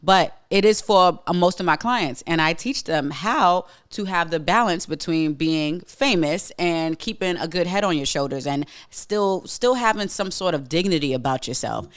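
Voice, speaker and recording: A podcast host delivers a casual monologue, speaking bluntly and emphatically, repeating lines for weight and often restarting sentences and using filler words. His voice is a little high, clear and resonant with a fairly bright tone, moving at normal speed with hardly any pauses.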